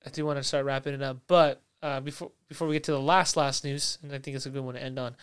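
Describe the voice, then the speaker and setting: A man's voice: medium pitch, fairly even intonation, fast, clear, resonant tone, no room sound. Man, podcast host, casual chat, rambling, lots of fillers, dry close mic. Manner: rambling, loses his thread, many fillers.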